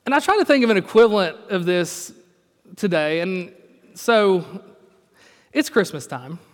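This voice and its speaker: High-voiced preacher in a reverberant hall. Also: male voice, big pitch swings, a little slow. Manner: conversational, storytelling with acted quotes. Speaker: pastor. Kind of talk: sermon.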